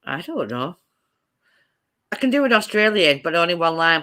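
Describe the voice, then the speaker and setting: A woman's voice: low voice, very animated, slow, long pauses, sharp tone. A woman co-hosting a casual live chat stream, playful and jokey, slipping into bits of songs. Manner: playful, jokey, breaks into song lines.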